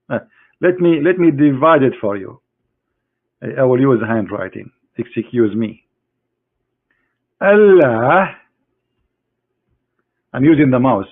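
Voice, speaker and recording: A man's voice: mid-range voice, gravelly, husky. Mocking man on a tinny line. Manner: mocking, combative, halting English. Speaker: online debater. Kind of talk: combative screen-share lecture. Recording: tinny phone-like online audio.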